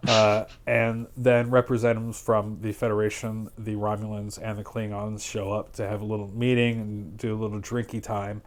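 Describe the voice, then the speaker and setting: A man hosting a stream, casually retelling plots in a sarcastic, rambling way with quick quoted asides. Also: on the low side, monotone, a little hiss or hum. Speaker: streamer host. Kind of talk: casual chat.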